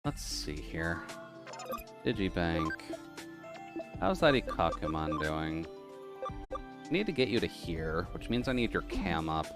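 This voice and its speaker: A man's voice: sits low, animated, slow, pauses often, over loud music. A man streaming a game live, muttering sarcastic commentary and swearing. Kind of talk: casual live gameplay commentary.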